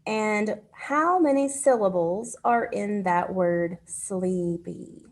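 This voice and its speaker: A woman leads children through a phonics lesson, speaking patiently and pausing for their answers. Her voice is medium in pitch.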